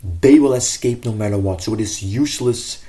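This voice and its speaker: Earnest male vlogger, low and warm, talks in loose restarts. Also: normal speed. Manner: earnest, rambling, self-correcting. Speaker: self-improvement vlogger. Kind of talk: casual advice monologue.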